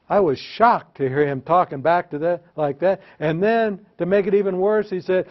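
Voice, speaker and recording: A man with a high-pitched, expressive voice presents a workshop to teachers at normal speed, captured on a slightly dull lo-fi recording. His storytelling lecture is full of joking, self-mocking classroom anecdotes, and he leads the audience in repeating phrases back to him.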